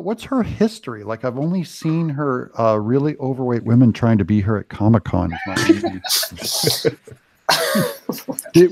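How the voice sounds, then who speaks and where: A man's voice: mid-range voice, darkish tone, no room sound. A man in casual livestream chat, rambling and boastful. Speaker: guest artist.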